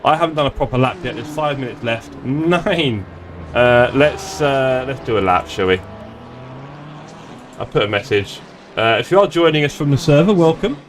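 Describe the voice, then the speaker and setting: Live-streaming a sim race, a man talks animatedly at a moderate pace in a mid-range voice, cracking self-deprecating jokes in casual chatter. The desktop streaming mic carries a little hiss or hum.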